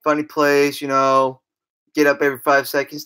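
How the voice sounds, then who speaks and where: A woman's voice: deep voice, monotone, moderate pace, a bit bright, clear, resonant tone. A woman telling comedy stories in a rambling, stumbling way, with crude, brash asides. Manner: rambling, stumbling storytelling with restarts. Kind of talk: stand-up style comedy bits.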